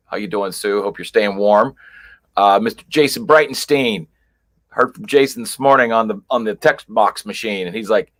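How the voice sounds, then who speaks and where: A man's voice: fairly low pitch, a bit bright. A man hosting a casual livestream, chatting and greeting viewers one by one in a rambling way with lots of fillers. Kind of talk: casual live chat. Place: chilly basement at home.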